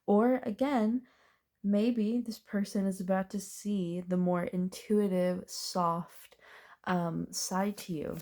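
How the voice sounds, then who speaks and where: A woman's voice: medium pitch, steady tone, takes it slowly, darkish tone. A woman doing a casual, chatty tarot reading, thinking aloud as she turns the cards and laughing now and then. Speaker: tarot reader.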